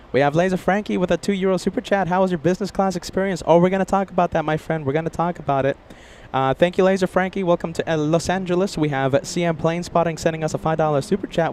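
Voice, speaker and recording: A man's voice: on the high side, fast, few pauses, a little mellow, a little hiss or hum. An upbeat, chatty man hosting a casual livestream outdoors near an airport and reading viewer messages. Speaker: livestream host.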